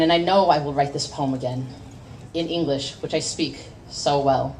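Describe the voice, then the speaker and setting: A woman's voice: low voice, moderate pace. A young woman from the United States performing spoken word poetry at a café open mic, with awkward self-deprecating asides between impassioned poems. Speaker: poet. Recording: distant mic with faint room noise.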